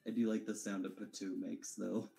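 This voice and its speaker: A man chatting casually on a stream, making slow, laid-back remarks. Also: fairly low pitch, little pitch movement, vocal fry, mellow, soft background music. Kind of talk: casual chat.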